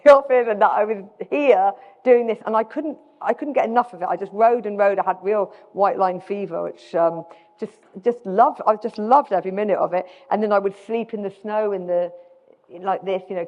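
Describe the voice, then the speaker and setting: A middle-aged British woman with a British accent, giving a self-deprecating live talk as a guest speaker, often restarting her sentences. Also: mid-range voice. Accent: British English. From Britain. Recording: dull sound with long hall reverb.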